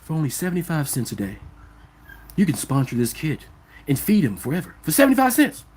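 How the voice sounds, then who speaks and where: A man mimicking a somber male charity ad announcer in a hushed, sorrowful pitch. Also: very animated, quick pace, slightly rough, full character voice. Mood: mournful.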